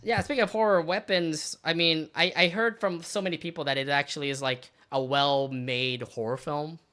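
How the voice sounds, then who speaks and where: A man co-hosting a podcast in casual chat, rambling and excitable with lots of fillers. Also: fairly high pitch, normal speed, faint music behind. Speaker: podcast co-host.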